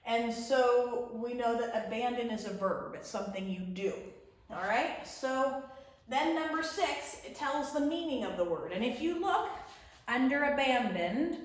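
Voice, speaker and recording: A woman teacher explaining a lesson slowly and patiently, stretching out example words. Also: a little high. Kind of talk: remote classroom lesson. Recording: very echoey room.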